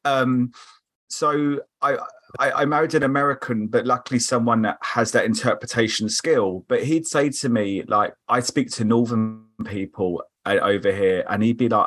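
A man from England with a South London accent chats casually as a podcast guest, telling stories that include quoted voices. His mid-range voice is a bit bright and moves at normal speed.

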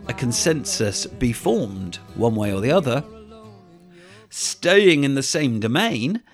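A man hosting a podcast, presenting scripted narration in a measured, even-handed way. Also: mid-range voice. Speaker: podcast host.

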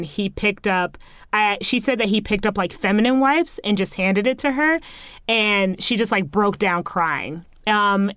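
Woman podcast host, chatty and encouraging, smooth clear voice, dry close mic. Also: medium pitch, fairly bright tone, dry recording. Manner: earnest and encouraging, rising upbeat sign-off. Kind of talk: casual solo podcast talk.

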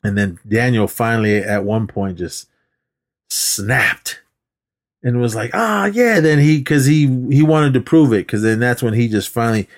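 A man's voice: mid-range voice, a little slow. A man casually recapping a movie on a podcast, rambling and acting out the characters' lines. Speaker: podcast co-host.

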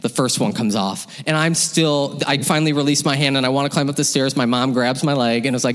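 A man telling a personal story live on stage, lively and laughing, acting out the voices of his parents. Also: mid-range voice, fairly quick, few pauses. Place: hall with audience. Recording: long hall reverb.

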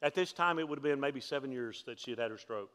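A male pastor preaching a sermon, telling stories in a conversational way with joking asides and climbing to louder, higher peaks for emphasis. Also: fast, clear, resonant tone. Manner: animated storytelling, climbs in pitch and force for emphasis; conversational, humorous asides to the congregation.

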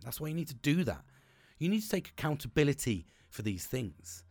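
A man's voice: mid-range voice, big pitch swings, a little fast, darkish tone, slightly rough, no room sound. A young man hosting a podcast, talking in a casual, rambling way, swearing freely and laughing often. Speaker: podcast host. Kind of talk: casual motivational monologue.

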